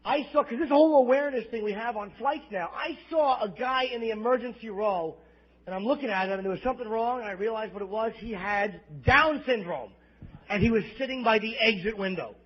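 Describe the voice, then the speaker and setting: A brisk, high-pitched man with a slightly rough voice and a New York accent works through a crude, self-deprecating stand-up routine at a live club. The audio comes from a muffled bootleg tape made in the audience.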